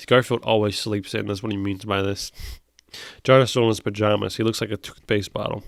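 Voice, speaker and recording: A man's voice: fairly low pitch, flat delivery, fairly quick, gravelly, no echo. Man ranting in mock outrage, dry sound. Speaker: host. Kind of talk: comedic reading of comic strips.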